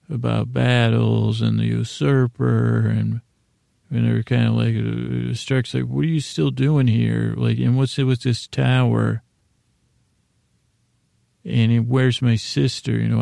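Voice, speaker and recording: A man hosting a sleep podcast, giving a meandering, halting episode recap that loosely paraphrases the dialogue. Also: mid-range voice, creaky, dark tone, no room sound, clean studio sound. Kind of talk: rambling episode recap meant for falling asleep.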